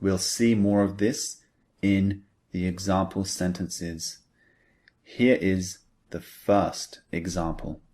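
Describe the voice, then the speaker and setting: A man teaching an English speaking pattern, explaining slowly and deliberately with spoken example sentences. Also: low-pitched, steady tone, a little mellow. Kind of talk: scripted language lesson.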